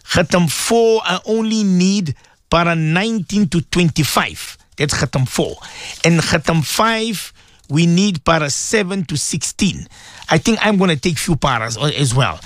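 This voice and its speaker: Sex: man. Style: preaching on live morning radio. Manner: emphatic, repetitive, high voice, dry studio sound. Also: animated, dry recording. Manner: emphatic and repetitive, exhorting listeners; slows to drawn-out, chant-like prayers. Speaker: radio presenter and Muslim cleric.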